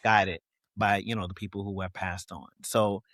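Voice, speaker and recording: A man's voice: on the low side, little pitch movement, moderate pace, fairly bright tone, no room sound, studio quality. A man speaking as an interview guest, talking candidly and reflectively with many "you know what I mean" fillers.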